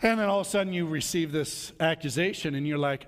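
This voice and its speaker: A man preaching a sermon in an animated way, acting out quarrels between people as he talks. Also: a little high, fast. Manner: animated, acts out quarrels in little voices. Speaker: pastor. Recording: long hall reverb.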